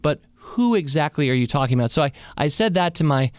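A man hosting a podcast alone. He talks casually and thinks out loud, and he asks many rhetorical questions. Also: a little high, animated, fairly quick, no echo, clean studio sound. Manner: reflective, full of rhetorical questions. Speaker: podcast host. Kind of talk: casual solo monologue.

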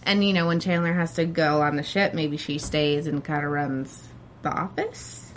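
A woman co-hosting a casual TV recap chat, chatty and quick to laugh, thinking out loud. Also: sits low, slight background noise. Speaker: co-host.

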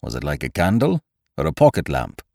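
A man voicing a grave doctor who speaks quietly and measuredly. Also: deep voice, wildly swooping pitch, brisk, creaky, no room sound, clean studio sound, exaggerated voice. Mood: urgent. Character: calm, grave male doctor.

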